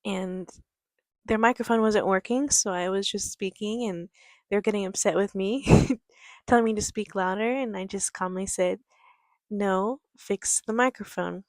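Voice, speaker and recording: A woman life coach talks to the camera in a soft, calm, quiet voice. She takes her time and stays patient and peaceful. Her voice sits in the middle range and sounds dry and close. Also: medium pitch, dry recording. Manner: unhurried, patient delivery. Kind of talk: reflective motivational talk to camera. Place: outdoors near a creek.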